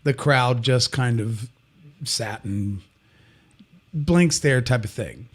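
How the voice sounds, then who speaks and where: A man hosting a podcast, telling an anecdote in relaxed, halting chat with many fillers. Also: medium pitch. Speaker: podcast host. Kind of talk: casual chat.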